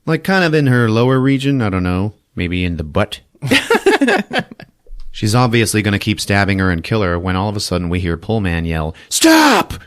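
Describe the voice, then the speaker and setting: His voice sits fairly low and moves at an ordinary speed. As a podcast host, he breezily walks through a horror movie, cursing, laughing, and performing the characters' lines with animated voices.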